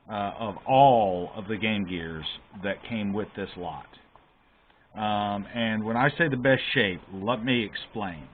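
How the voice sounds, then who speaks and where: Man ranting at a repair bench, tinny. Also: lowish voice. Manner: emphatic, exasperated about shoddy work. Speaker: console repair hobbyist. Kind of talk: casual repair walkthrough. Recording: tinny phone-like sound with faint hiss.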